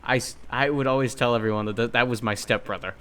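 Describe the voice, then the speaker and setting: Young male podcast co-host, animated, swears, performs quoted lines loudly. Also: medium pitch, fast talker, clear, resonant tone. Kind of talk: casual storytelling chat.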